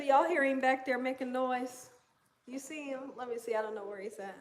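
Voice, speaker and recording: A woman's voice: sits high, normal speed. A woman with a Southern American accent hosting a casual cooking livestream, chatting with viewers and cooing to her dogs. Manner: chatty, reads viewer comments aloud, coos to her dogs. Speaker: cooking channel host.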